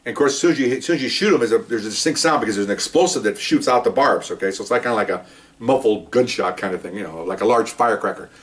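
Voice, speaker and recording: A retired police officer in his sixties with a lowish voice tells a casual story at a rapid clip, acting out sounds and voices. He fills the gaps with "okay" and "you know," and he sits a little far from the mic.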